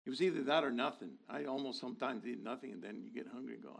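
A man in his sixties preaching a sermon, animated, dropping to low asides and rising to loud exhortation. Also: quick pace, vocal fry.

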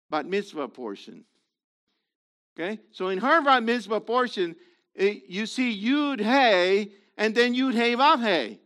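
High, bright-voiced man teaching slowly. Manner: halting, explanatory, checks in with listeners. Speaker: Bible class teacher. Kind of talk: informal Bible study lesson.

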